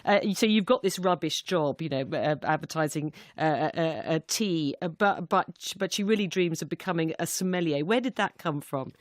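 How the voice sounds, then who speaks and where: A woman presenting a radio arts show and interviewing guests, measured, with some hesitant fillers in her questions. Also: sits low, no room sound, clean studio sound. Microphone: studio microphone.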